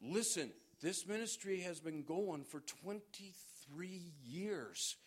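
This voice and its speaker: A male pastor with a high voice preaches a sermon. He urges his congregation on with force and reads scripture aloud between his points. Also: animated, takes it slowly, breathy edge.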